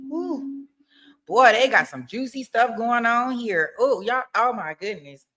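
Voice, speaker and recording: A woman hosting a trial commentary video, reading out texts and reacting with expressive exclamations. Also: fairly high pitch, unhurried. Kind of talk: reacting to courtroom footage.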